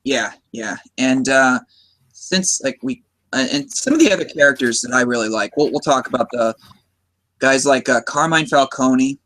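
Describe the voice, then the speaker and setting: A man's voice: mid-range voice, big pitch swings, normal speed, a bit bright. An American man hosting a casual movie discussion podcast, talking in a chatty, enthusiastic way with frequent restarts. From United States. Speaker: podcast host.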